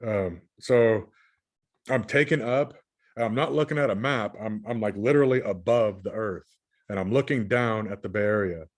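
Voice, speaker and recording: A man's voice: lowish voice, normal speed. A man from California recounting his dreams in a casual, rambling way, often repeating and restarting his words as he shares his screen. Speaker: channel host recounting dreams. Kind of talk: casual spoken recounting while screen sharing.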